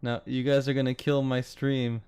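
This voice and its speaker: A man's voice: medium pitch, flat delivery, normal speed, a little mellow, clear, resonant tone, no echo, clean studio sound. A young man, chatting casually with his live-stream audience, rambling and swearing now and then. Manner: rambling, swears casually, reads chat aloud. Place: home, city with bootcamps he attended.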